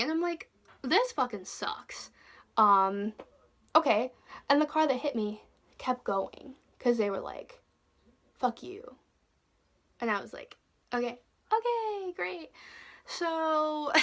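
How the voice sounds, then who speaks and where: Young woman vlogger, bright higher voice, animated storytime chat with lots of swearing. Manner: animated, swearing, laughing asides. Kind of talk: casual storytime.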